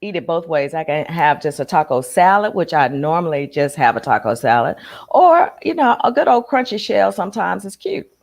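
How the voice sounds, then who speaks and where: A woman co-hosting a casual live stream, relaxed and slangy with plenty of fillers. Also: lowish voice, normal speed, vocal fry. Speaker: co-host.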